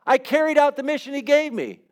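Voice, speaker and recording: Casting: a preacher playing a wheedling, excuse-making king, pitched well up. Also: animated, brisk. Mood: defensive. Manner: justifying, wheedling, backpedaling. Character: defensive ancient king making excuses, male.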